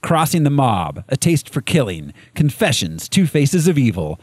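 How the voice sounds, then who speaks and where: A man's voice: on the high side, big pitch swings, unhurried, a little mellow, no room sound. A man co-hosting a casual movie review chat, rambling through cast lists with many fillers and frequent laughs. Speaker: podcast co-host.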